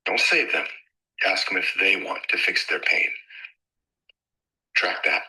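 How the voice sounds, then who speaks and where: A man's voice: low voice, steady tone, slow pace, vocal fry, long pauses, sharp tone, poor audio. A man on an online group call giving blunt, punchy business coaching advice.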